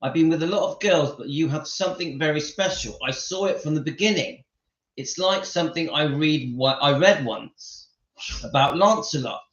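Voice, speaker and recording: A gentle, polite young male singer, read aloud by a man in a soft, earnest voice that sits fairly high. The sound is dull and echoes around the room. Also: moderate pace, natural voice.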